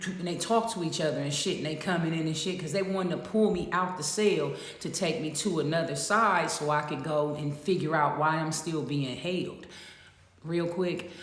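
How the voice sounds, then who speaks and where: Woman telling a wild story, cussing and laughing a lot, big echoey room. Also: sits low. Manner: profane, animated, laughing storyteller. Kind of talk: casual storytelling to camera. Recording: echoey roomy sound with long reverb.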